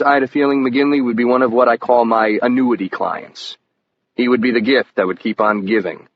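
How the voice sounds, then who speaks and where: Guy reading a legal thriller audiobook, steady and measured, kinda muffled lo-fi sound w/ faint hiss. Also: medium pitch. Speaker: audiobook narrator. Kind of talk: scripted first-person audiobook narration.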